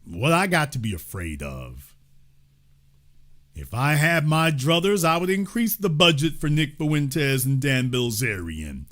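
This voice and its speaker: A middle-aged man hosting a heated political monologue, emphatic and sarcastic, taunting with loud outbursts and low asides. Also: very animated, measured pace. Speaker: political commentary host.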